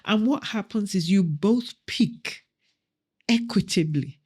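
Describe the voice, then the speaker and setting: A woman's voice: medium pitch, lively intonation, slow pace, darkish tone, breathy edge. Earnest woman telling family stories. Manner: earnest, reflective, acts out family dialogue. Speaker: guest, local councillor. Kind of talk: personal storytelling in conversation.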